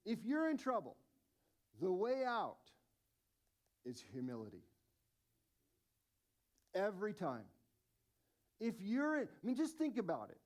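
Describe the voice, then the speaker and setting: A man in his forties preaches with a high, lively voice. He tells self-mocking stories with animated energy, in a relaxed sermon style. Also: measured pace, long pauses. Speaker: lead pastor.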